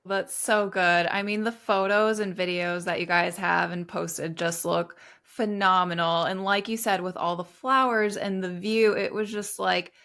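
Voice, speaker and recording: A woman's voice: fairly low pitch, steady tone, measured pace, few pauses, fairly bright tone. A woman hosting a podcast interview, reacting with enthusiasm and asking questions. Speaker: podcast host.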